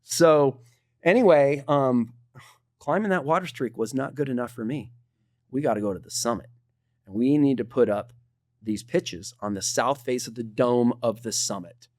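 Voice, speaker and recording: A man's voice: medium pitch, moderate pace, no echo. Middle-aged guy telling old climbing stories, chill and easygoing, dry close sound. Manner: animated, laid-back storyteller saying dude. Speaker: podcast guest, climber. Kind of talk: casual storytelling.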